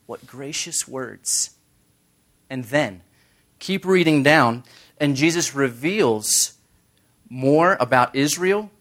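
A man's voice: medium pitch, fairly bright tone. A man teaching a Bible study in a conversational sermon style, making joking asides and quoting scripture.

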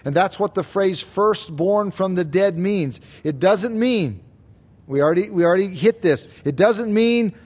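Male preacher, pitched high, who hammers key points slowly and quizzes his listeners. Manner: emphatic, slows down and rises on key claims; asks the congregation rhetorical questions. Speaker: pastor. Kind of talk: expository sermon.

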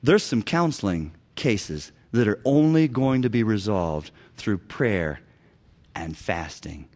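A man teaching biblical counseling as a preacher, emphatic, swinging between loud urging and hushed low phrases and repeating key words. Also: animated, slow pace.

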